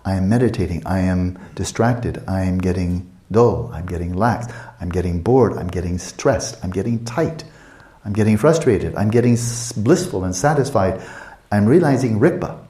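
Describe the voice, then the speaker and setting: A man in his sixties teaching a meditation retreat, talking calmly and reflectively and asking many searching questions. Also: low-pitched, moderate pace. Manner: calm, reflective, asks many rhetorical questions.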